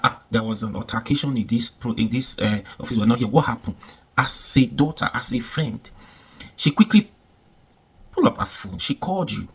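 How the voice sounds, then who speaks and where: A man's voice: medium pitch, fairly bright tone, slightly rough. A man giving casual, emphatic commentary, repeating himself and asking rhetorical questions.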